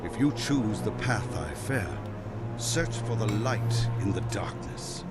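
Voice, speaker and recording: An actor playing a solemn older male wizard guide in a game cutscene, speaking in a grave, measured way over loud music. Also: fairly low pitch, expressive. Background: loud orchestral music.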